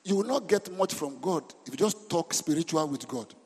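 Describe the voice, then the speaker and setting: A man preaches to his congregation in a fairly high, husky voice, stopping often to ask them questions. He sounds middle-aged and speaks as a senior pastor. The recording carries the long reverb of a church hall. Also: moderate pace. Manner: animated preaching, repeats words, asks the congregation questions. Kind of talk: sermon.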